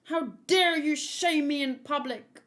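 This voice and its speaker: A woman's voice: high voice, takes it slowly, a bit bright, pitched above the performer's own voice. A woman voicing a protective merman prince, an older brother who talks formally and earnestly. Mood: scolding.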